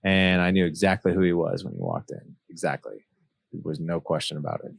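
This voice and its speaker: A man's voice: sits low, lively intonation, a little fast, gravelly, husky, dry recording. A man in his forties telling a personal story in an earnest, reflective way, acting out remembered dialogue. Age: 40s. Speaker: podcast guest, author.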